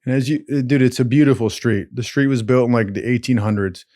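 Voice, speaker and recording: Man, casual storyteller, profane, animated, rambling asides, medium pitch. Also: fast, no echo, clean studio sound. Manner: profane, animated, slangy with "dude". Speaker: host telling stories.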